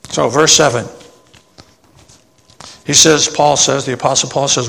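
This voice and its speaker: A man's voice: mid-range voice, steady tone, gravelly, a bit bright. Preaching man in an echoing church. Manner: reads verses slowly, then explains in plain asides ending with "okay?". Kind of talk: sermon with scripture reading. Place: church sanctuary. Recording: long church reverb.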